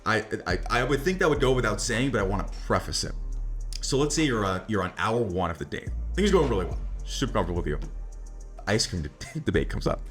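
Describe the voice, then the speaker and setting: Brash, animated male dating coach. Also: on the low side, fast, faint music behind. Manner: brash, swears often, laughs at own jokes; repeats "right?" and "like" constantly. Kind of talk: casual coaching monologue.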